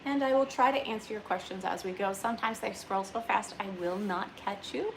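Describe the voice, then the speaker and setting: A woman from the Northeast US hosts a relaxed live stream and answers viewers' questions as they come in. She talks in a chatty way, full of fillers and restarts. Her voice sits at a middle pitch, and there is faint ambient noise behind her. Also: brisk, vocal fry. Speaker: livestreamer. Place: indoors on a farm, rainy day.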